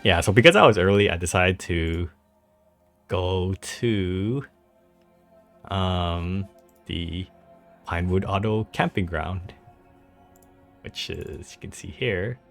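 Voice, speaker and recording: A young man with a low voice narrates his travel photos in a loose, chatty way. He rambles, laughs often, and fills the gaps with "like" and "uh". Faint music plays under his voice. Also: takes it slowly, gravelly, long pauses. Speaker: travel vlogger. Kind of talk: casual travel vlog narration over photos.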